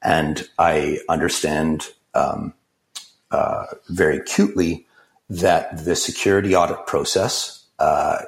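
Deep-voiced man answering with measured pauses. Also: steady tone, gravelly. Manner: measured, many fillers and restarts. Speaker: guest, crypto project founder. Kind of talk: interview answers.

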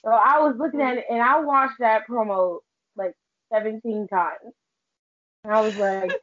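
A woman's voice: on the high side, fairly even intonation, unhurried, long pauses, fairly bright tone, dull audio, a little hiss or hum. A woman from the United States co-hosting a podcast, explaining things in an emphatic, profane way. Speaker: podcast co-host. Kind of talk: casual chat.

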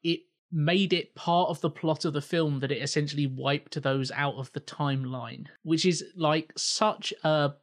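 A man's voice: fairly high pitch, steady tone, unhurried, hardly any pauses. A man co-hosting a film podcast, explaining his points in a thoughtful, casual way. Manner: thoughtful, explanatory, chuckles often. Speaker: podcast co-host.

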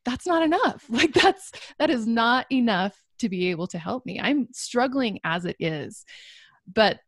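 This guest is a young woman with a mid-range, fairly bright voice, captured cleanly in a studio with no echo. She gives a personal testimony, earnest and reflective, laughing lightly between her lines.

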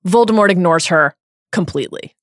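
Speaking a little fast and on the low side, a woman co-hosts a podcast where she reads passages from books and comments on them. The studio-quality recording is dry, and she retells scenes with earnest emphasis.

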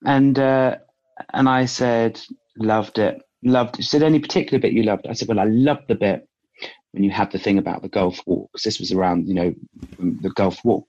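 A man's voice: fairly low pitch, steady tone, brisk, darkish tone, highs cut off. An English man, a guest in a casual chat, telling rambling stories and acting out what people said. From England. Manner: rambling storyteller, quotes people, laughs often.

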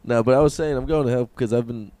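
A young man in a casual comedy podcast, rambling through stories with plenty of swearing and frequent laughter. His voice sits at an ordinary middle pitch. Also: fast talker, dark tone, dry recording. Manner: swears freely, laughs often, storytelling. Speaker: podcast co-host.

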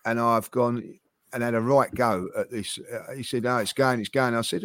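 A man's voice: mid-range voice, moderate pace, no echo. A man co-hosting a football podcast, telling stories in casual chat with lots of stammering restarts. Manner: animated storytelling, stammering restarts. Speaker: podcast co-host.

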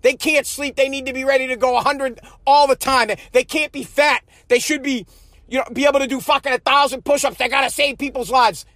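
Man host, heated profane ranter, high pitched. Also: fairly even intonation, brisk, sharp tone, no echo, studio quality. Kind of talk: angry ranting monologue.

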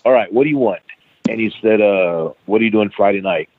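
A man's voice: on the low side, a little fast, slight background noise. Middle-aged man, tinny phone line. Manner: profane, animated anecdote with acted-out quoted dialogue. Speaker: guest, wrestling trainer. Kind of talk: casual storytelling interview.

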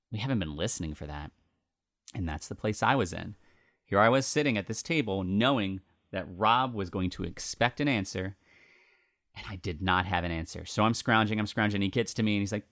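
A low-pitched man with a bright, forward tone tells a story on his faith podcast. He talks in an earnest, reflective way and pauses for fillers and restarts. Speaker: podcast host.

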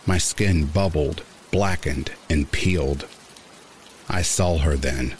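Man, horror story narrator, very deep voice, slow somber delivery, soft rain behind. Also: slight background noise. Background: rain sounds.

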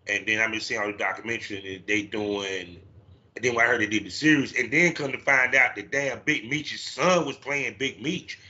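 A man hosting a podcast in casual chat, animated and profane, acting out his own reactions. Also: on the low side, normal speed, dull audio. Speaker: podcast host.

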